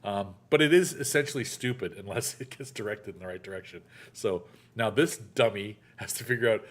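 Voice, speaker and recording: A man's voice: lowish voice, brisk, hardly any pauses. A man hosting a casual sports chat show, an actor who tells stories animatedly and acts out the quotes. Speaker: podcast host.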